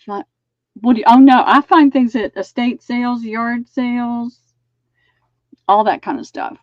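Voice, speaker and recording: A woman's voice: fairly high pitch, fairly even intonation, unhurried, no echo, highs cut off. A woman hosting a live online sale, chatting as she measures and describes items. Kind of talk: live-streamed sale pitch.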